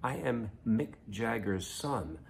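A man voicing a pushy male frog who insists on getting a bank loan, in an insistent, drawn-out way. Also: on the low side, lively intonation, gravelly, slight background noise, full character voice.

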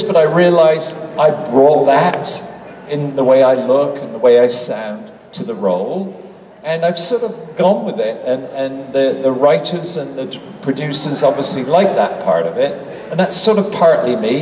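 A mellow, medium-pitched man in his sixties from England speaks with a British accent, joking at his own expense as he answers fan questions on a convention panel. He sounds off-mic and distant in an echoey, large convention hall, with slight background noise.

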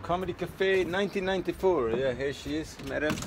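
A man's voice: on the high side, a little fast, loud music behind the voice. A man from Sweden with a Swedish accent, speaking English as a second language in a chatty, self-mocking vlog and stand-up set. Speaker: stand-up comedian. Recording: echoey, distant, noisy ambience.

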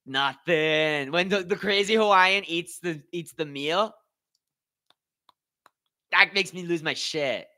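A young man hosting a live watch party, commentating on slap fights with excitable, profane banter and shoutouts to his chat. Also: sits high, takes it slowly, long pauses. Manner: excitable, swears a lot, talks to chat. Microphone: headphones with mic.

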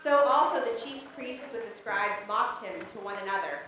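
A woman's voice: fairly high pitch, lively intonation, normal speed, pushed and bright. Woman reading scripture in echoey sanctuary. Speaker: scripture reader. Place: church sanctuary. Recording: distant mic, roomy church echo, background noise.

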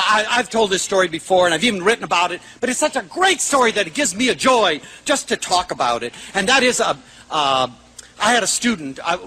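Older male lecturer, high and bright, very animated, acts out voices. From United States. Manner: animated, acts out quoted voices, shouts for emphasis. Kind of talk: lively motivational lecture with anecdotes.

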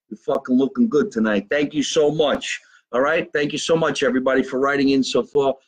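A man with a New Jersey accent hosting a live stream from his basement, reading out viewer comments in a brash, profane, fast-talking way. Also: medium pitch, poor audio. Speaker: comedian hosting a live show. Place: home basement.

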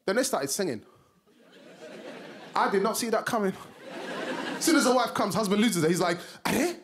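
A young South London man, originally from Somalia, works a stage microphone in front of a live audience, jumping into voices as he tells his stories. His voice sits high and swings widely in pitch. A faint audience murmur and light noise hang behind him. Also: normal speed, a faint crowd. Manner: animated, acts out characters in voices. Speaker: stand-up comedian. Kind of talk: stand-up comedy set.

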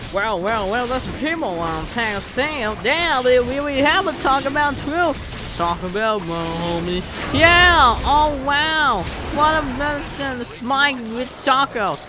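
Excitable young gamer shouting over music. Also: male voice, very high-pitched. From Philippines. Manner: excitable, bursts of loud exclamations. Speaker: gaming channel host. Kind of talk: live gameplay commentary. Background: game music.

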